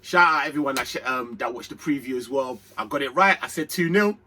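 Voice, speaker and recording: A young man hosting an excitable, slangy fan reaction to a football match. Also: mid-range voice, brisk, noisy background. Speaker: football channel host.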